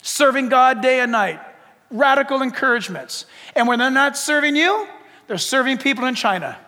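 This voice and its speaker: A man preaching a sermon as pastor, animated, acting out little dialogues and rising to shouts. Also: very high voice, moderate pace. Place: church sanctuary. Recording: long reverb of a church hall.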